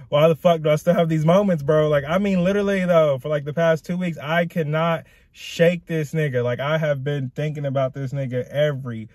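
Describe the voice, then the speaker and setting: A man's voice: a little high, fairly even intonation, normal speed, darkish tone, no room sound, studio quality. A young man venting to camera in a raw, profane, rambling rant that goes in circles. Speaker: vlogger. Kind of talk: emotional personal rant to camera.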